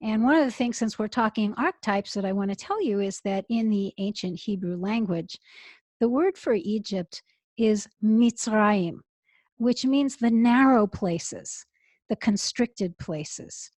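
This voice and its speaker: A middle-aged woman rabbi, telling an expressive story as an interview guest over earphones on a call. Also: medium pitch, a little slow, no echo. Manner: expressive, builds to emotional peaks. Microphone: earphones with mic.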